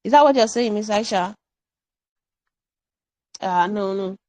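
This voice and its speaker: A woman teaching an online English grammar workshop, animated and playful, drilling example sentences again and again. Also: mid-range voice, unhurried, dry recording, rough recording.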